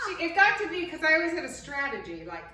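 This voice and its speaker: A woman telling a childhood story in casual chat, laughing often and animated as she talks. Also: high voice, fast, very echoey, distant mic, poor audio.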